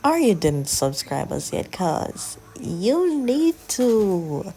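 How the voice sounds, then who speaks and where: A young woman chatting casually in a soft, often half-whispered drawl as she narrates a hair-braiding tutorial. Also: medium pitch, big pitch swings, takes it slowly. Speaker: hair vlogger.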